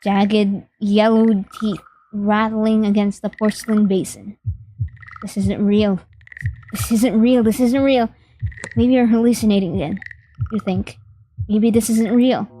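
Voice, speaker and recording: A woman's voice: mid-range voice, warm tone, poor audio. A young woman streamer reading a horror game aloud in vivid, dramatic narration. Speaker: gaming streamer.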